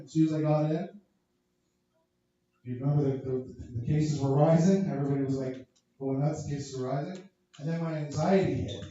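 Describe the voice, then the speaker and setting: A high-voiced man from Canada does a crude, profane stand-up set and keeps riffing with the crowd. The recording is booming with echo and muffled. The mic hears him from far off in the comedy club. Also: warm tone.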